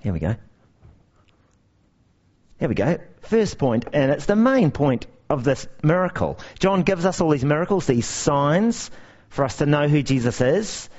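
A man preaching a sermon, telling stories with lively, emphatic repetition. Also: fairly high pitch, measured pace. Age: young adult to middle-aged parent. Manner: animated storytelling with emphatic repetition. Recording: dull lo-fi recording.

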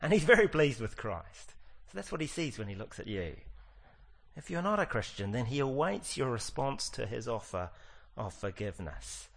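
A man preaching a sermon, earnest and slowing right down on the lines he wants to stress. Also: medium pitch, very animated, vocal fry, a bit bright, breathy edge. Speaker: pastor.

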